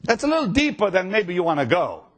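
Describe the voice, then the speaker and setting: A man preaching a sermon with strong emotion, swinging between loud, urgent passages and hushed ones, stammering over repeated words when moved. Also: high voice, wildly swooping pitch, fast talker. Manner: stammering repetitions when stirred; acts out quoted voices.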